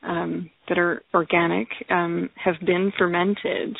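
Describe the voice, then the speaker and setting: A woman's voice: fairly low pitch, flat delivery, slow, creaky, slightly rough, no room sound. A woman guest in casual conversation who talks with enthusiasm, often laughs and repeats her words. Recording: tinny phone line.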